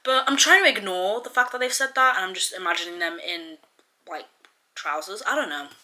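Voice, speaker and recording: A woman's voice: medium pitch, a little fast, bright, forceful tone. A young woman chatting casually in a reading vlog, gushing, with lots of filler words. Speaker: book vlogger.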